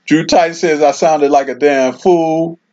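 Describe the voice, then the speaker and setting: A man's voice: a little high, fairly even intonation, measured pace, darkish tone. A man hosting his own livestream, chatting casually and reading viewer comments aloud in a laid-back way, with lots of "man" and "you know.". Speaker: livestream host. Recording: dull lo-fi stream audio.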